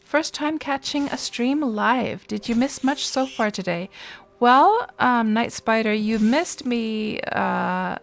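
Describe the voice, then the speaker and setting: A woman's voice: fairly high pitch, expressive, slow pace, gravelly, hardly any pauses. A woman streaming a game live, chatting casually with viewers and reacting to the gameplay between replies, speaking into a desk microphone. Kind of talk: casual live-stream chat while playing.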